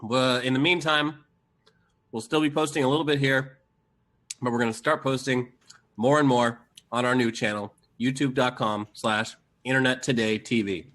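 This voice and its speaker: A young man co-hosting a live-stream town hall, giving updates in a casual, dry, deadpan way. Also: mid-range voice, normal speed. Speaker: co-host.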